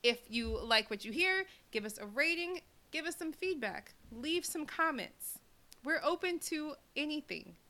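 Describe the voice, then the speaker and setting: A woman's voice: high voice, animated, a little slow, pushed and bright. A woman co-hosting a podcast in casual chat, upbeat and giggly as she signs off to listeners. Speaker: podcast co-host.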